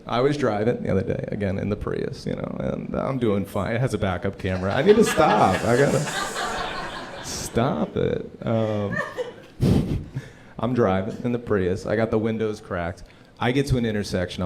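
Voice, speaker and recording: A man in his thirties doing a live stand-up set at a comedy club, telling stories and acting out people in loud, high voices. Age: 30s. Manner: animated storytelling, acts out characters in loud high voices. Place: comedy club stage before a laughing audience.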